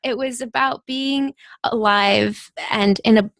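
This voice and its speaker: Woman guest, actress type, animated storyteller, slightly high pitch. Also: slow, vocal fry, no echo. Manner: animated, laughs often, acts out quoted dialogue. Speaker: guest, actress and public-speaking coach. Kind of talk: casual podcast interview storytelling.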